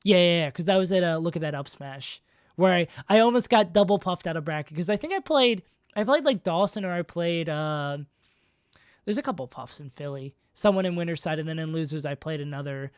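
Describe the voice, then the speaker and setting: A man on a livestream talks casually through player rankings, rambling and mocking himself, full of fillers and restarts. His voice is fairly high, smooth and brisk with lively intonation, in clean studio sound without echo.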